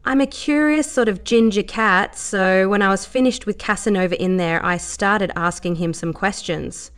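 A woman's voice: medium pitch, normal speed, close to an everyday voice. A woman voicing a brash, teasing redheaded young woman who talks crudely and with easy confidence.

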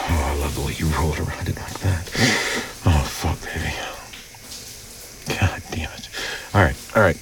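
A man speaking in an intimate audio role-play, murmuring low and often slipping into whispers and sighs. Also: normal speed, vocal fry, loud music behind the voice.

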